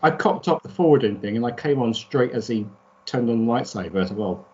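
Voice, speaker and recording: A man co-hosting a podcast in casual chat, rambling with halting restarts. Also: mid-range voice, expressive, a little mellow. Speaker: podcast co-host. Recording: dull lo-fi sound.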